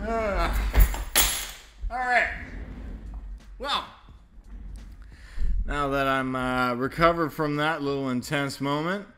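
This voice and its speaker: A man hosting a casual livestream chat, rambling, swearing a lot and laughing often. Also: mid-range voice. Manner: profane, rambling, quick to laugh. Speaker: livestream host.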